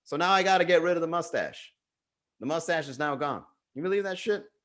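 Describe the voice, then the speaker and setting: A man's voice: on the high side, fairly quick. A man hosting a comedy livestream, chatting casually and ranting with lots of swearing while reading comments from chat. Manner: animated, profane ranting, reads chat aloud.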